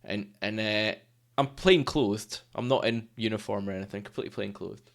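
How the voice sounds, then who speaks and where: A man's voice: lowish voice, moderate pace, creaky. A man co-hosting a casual nature chat, telling stories and acting out the people he quotes. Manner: animated storyteller, acts out quoted people. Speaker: podcast co-host.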